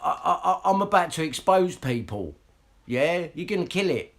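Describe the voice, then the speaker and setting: A man's voice: a little high, big pitch swings, moderate pace, a bit bright. Sweary man ranting on a livestream. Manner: sweary, rambling, talks straight to viewers. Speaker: livestream vlogger.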